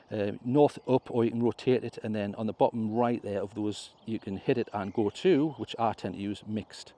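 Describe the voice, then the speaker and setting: Man, warm mellow tone, chatty step-by-step drone tutorial outdoors. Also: mid-range voice. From England. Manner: chatty step-by-step explaining, self-correcting. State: clearing his throat, slight cough. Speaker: drone vlogger. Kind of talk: casual tutorial commentary. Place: outdoors on a hill.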